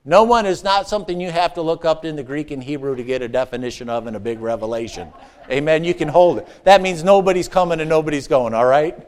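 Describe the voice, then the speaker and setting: A man preaching a sermon, with playful asides, call-and-response questions, and swings between excited shouts and hushed, earnest passages. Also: fairly high pitch, fast. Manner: rises to excited shouts, drops to hushed tones. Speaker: pastor.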